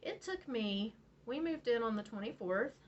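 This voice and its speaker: A woman with a fairly high voice, speaking at normal speed, narrates a casual story as host of a beading vlog channel. Lively and quick to laugh, she acts out quotes. She's from Virginia and from West Virginia; the audio is slightly dull and faintly noisy.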